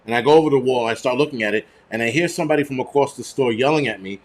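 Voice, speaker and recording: A man's voice: mid-range voice, very fast. A man, hosting a prepper channel and telling stories in a heated, profane, rambling rant. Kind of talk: casual ranting monologue.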